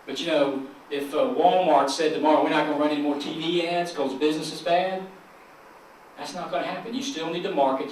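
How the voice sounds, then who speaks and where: A man's voice: mid-range voice, a little hiss or hum. A man with a Southern US accent giving a folksy, joking conference speech to local officials, drawing the audience into call and response. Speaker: chamber of commerce president, keynote speaker. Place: large conference hall. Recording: echoey hall, from far off.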